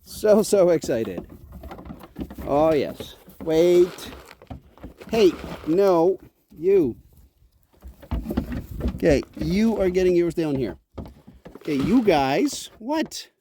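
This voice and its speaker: A man with a fairly high, warm and expressive voice speaks extremely slowly, pausing often, as he vlogs from his farm next to the goat pen. Talking casually to camera and to the animals, he teases and scolds his goats in a playful sing-song. Behind him are faint wind and bleating goats.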